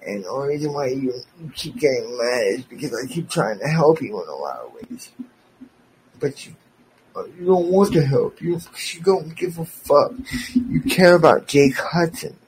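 A man's voice: medium pitch, animated, moderate pace, a little mellow, poor audio. Man, podcast host, confrontational rant, sarcastic, profane, faint background noise. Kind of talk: angry on-air rant.

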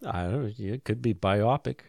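A man hosting a casual podcast, joking in a dry, deadpan way. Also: on the low side, normal speed, vocal fry, no echo. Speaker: podcast host. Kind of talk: casual chat.

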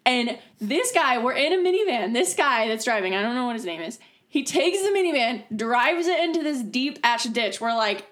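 A woman's voice: on the high side, lively intonation, normal speed, a bit bright. A young woman from the Midwest tells a story to friends in a loose, casual way. Her talk is full of fillers and she swears freely. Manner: chatty, lots of fillers and swearing.

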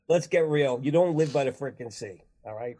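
A man chatting casually as a comedian guest, animated and laughing often between silly bits. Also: a little high. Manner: animated, laughs a lot, jumps into silly voices.

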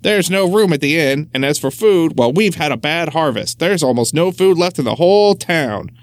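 A man reading aloud plays a stingy villager who answers gruffly and curtly, a bit higher than his own voice. The recording is close and dry. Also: expressive, normal speed, no echo. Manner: gruff, curt. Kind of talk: storybook read-aloud.

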